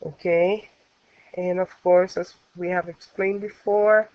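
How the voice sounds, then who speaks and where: A woman's voice: on the low side, steady tone, slow, background noise. A woman teaching a Spanish grammar lesson, explaining the rules step by step with patient fillers. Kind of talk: recorded classroom lesson. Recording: dull lo-fi recording.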